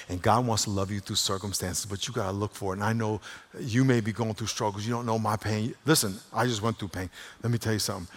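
A male pastor preaching a sermon, shifting between hushed talk and loud exhortation. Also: fairly low pitch. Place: church sanctuary. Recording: long reverb of a large hall.

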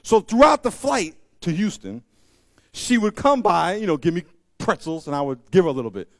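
A man's voice: high-pitched, moderate pace, vocal fry. A man preaching a sermon, telling stories and joking with his listeners. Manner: animated storytelling, joking with the audience. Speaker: pastor.

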